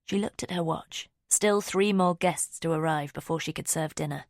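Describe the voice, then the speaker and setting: A woman reading a mystery audiobook in a steady, measured storytelling voice. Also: low-pitched, no room sound, studio quality. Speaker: audiobook narrator. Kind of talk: scripted narration.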